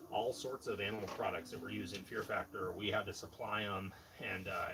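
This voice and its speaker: A man hosting a casual livestream from his garage, telling rambling deadpan tall tales full of fillers. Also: lowish voice, rough recording. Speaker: livestream host. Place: home garage workshop. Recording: loud music over the voice. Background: loud music.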